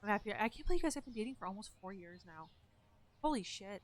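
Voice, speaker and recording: A woman's voice: medium pitch, animated, racing. A sick woman streamer with a nasal, congested voice, chatting casually and rambling with viewers while playing a game, swearing now and then.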